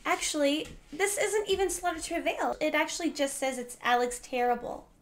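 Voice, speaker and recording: High-voiced giggly woman host. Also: animated, brisk. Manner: giggly, hesitant. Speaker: reaction channel host. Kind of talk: casual chat.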